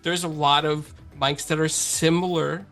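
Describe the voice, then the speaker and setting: A male podcast host asking questions in a relaxed, rambling way. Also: a little high, a little slow, faint music behind. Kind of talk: casual interview chat.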